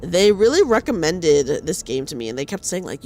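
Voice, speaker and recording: A woman's voice: fairly low pitch, very animated, normal speed, darkish tone. A woman streamer chatting casually and greeting viewers in a bubbly, upbeat way. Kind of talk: casual livestream chat. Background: faint game music.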